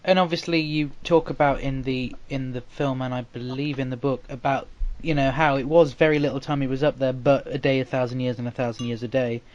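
A man's voice: mid-range voice, steady tone, a little fast, few pauses, muffled recording. Hesitant male interviewer. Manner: hesitant, many fillers, loses his thread. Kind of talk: conversational interview questions.

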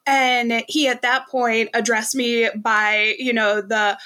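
A woman's voice: on the high side, level tone, takes it slowly, pushed and bright. A woman from Georgia, a guest on a podcast, telling a story in a casual chat and sounding exasperated as she recounts it.

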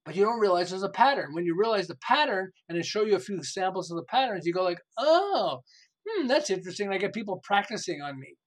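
Older male author guest, high-pitched, animated storyteller, chuckles through anecdotes. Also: fast talker, hardly any pauses, poor audio. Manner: animated, laughs often, acts out quotes. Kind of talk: enthusiastic storytelling interview.

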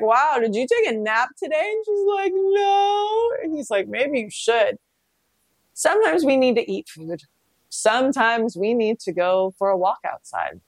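A woman's voice: on the high side, creaky, no echo. A woman, possibly in her thirties, talking casually about self-reflection and telling stories in a candid way, swearing freely and acting out quoted dialogue. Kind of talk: casual self-help monologue.

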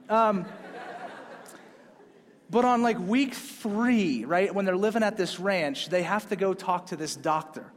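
A man's voice: high voice, lively intonation, normal speed, long pauses, slight background noise. A man preaching a sermon in a casual, conversational way, pushing up hard on key points. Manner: casual, conversational preaching with rising emphatic peaks. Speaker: pastor. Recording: long hall reverb.

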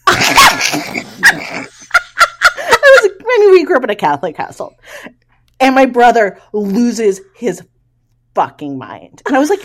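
In a mid-range voice at normal speed, with long pauses, a middle-aged podcast co-host recounts a humorous episode from her past in relaxed conversation. Laughing frequently, she brings the story to life by performing the quoted voices of its characters.

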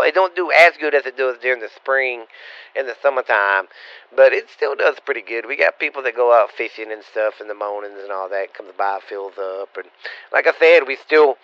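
A man's voice: medium pitch, no room sound. Rambling, stammering middle-aged man. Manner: stammering, rambling, profane and blunt. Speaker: vlogger answering viewer questions. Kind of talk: casual rambling Q&A. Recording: dull lo-fi recording.

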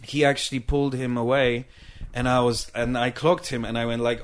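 A man chatting casually, a comedian telling stories and acting out hecklers with loud outbursts. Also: mid-range voice, a little fast. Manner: animated storytelling, acts out drunk hecklers in loud shouts. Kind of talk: casual chat.

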